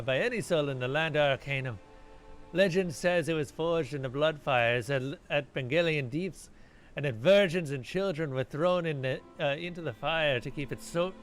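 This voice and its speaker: A man's voice: on the high side, close to an everyday voice. A man voicing a grim, boastful old male pirate ghost, reading game dialogue aloud in salty pirate talk.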